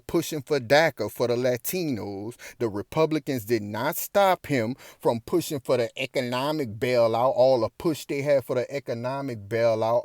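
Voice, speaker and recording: A man's voice: medium pitch, a little mellow, no echo. Man, commentary host, preachy, rhetorical questions, indignant, dry close mic. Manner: preachy, rhetorical, keeps asking "you understand me"; reads quotes aloud, then rises to emphatic indignation. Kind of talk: political commentary monologue.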